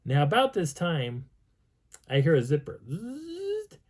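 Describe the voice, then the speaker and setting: A man telling a personal outdoor story in an animated way, acting out sounds and voices. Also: a little high, normal speed. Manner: lively, acts out sounds and dialogue. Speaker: vlogger telling a field story.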